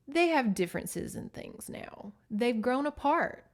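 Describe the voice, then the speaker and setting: Woman podcast host, higher voice, animated and profane book recap, chatty. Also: a little slow.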